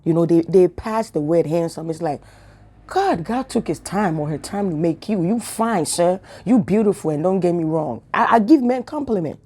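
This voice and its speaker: A woman's voice: on the low side, animated, normal speed, warm tone, husky. A woman giving a casual spiritual talk to camera, telling chatty stories with laughs and whispered asides. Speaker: spiritual vlogger.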